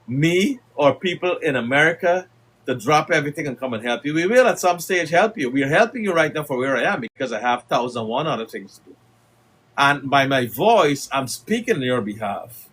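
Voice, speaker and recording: A man's voice: mid-range voice, pushed and bright. A man with a Guyanese accent, an older political commentator giving an impassioned broadcast speech in an oratorical manner that rises to emphatic declarations.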